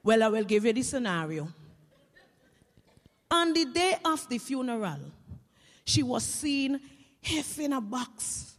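A woman tells a comic story in lively creole. Her voice sits fairly high and carries a long hall echo. She shifts from quiet asides to loud punchlines. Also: slow, pauses often. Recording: echoey hall reverb.

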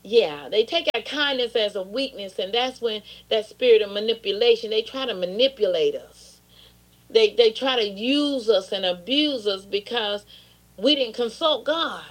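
A woman's voice: a little high, moderate pace. A woman pastor preaching an impassioned sermon, often turning into pleading prayer.

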